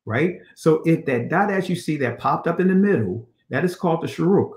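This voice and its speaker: A man giving a lecture on Hebrew letters and vowels, reading quoted passages slowly and asking rhetorical questions of his listeners. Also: on the high side, lively intonation, a little mellow, echoey room. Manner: reads quotes slowly, then repeats them with rhetorical questions. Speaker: religious teacher. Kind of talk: lecture over on-screen slides.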